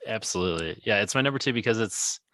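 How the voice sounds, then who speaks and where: A man's voice: lowish voice, expressive, fast, pushed and bright, dry recording. A man co-hosting a podcast, talking earnestly and reflectively about a song that moves him. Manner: earnest, reflective, emotionally moved. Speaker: podcast co-host. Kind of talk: casual music discussion.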